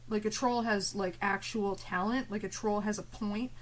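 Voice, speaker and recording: A woman's voice: medium pitch, steady tone, normal speed, low-quality recording. A woman streamer ranting live at her chat, swearing and confrontational, with biting sarcasm.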